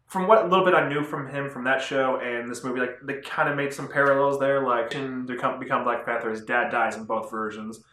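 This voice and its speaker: A man's voice: medium pitch, fairly even intonation, a little fast, few pauses, pushed and bright. A young man giving a rambling, casual spoiler review of a movie, full of fillers and the odd swear word. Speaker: movie vlogger. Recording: echoey room.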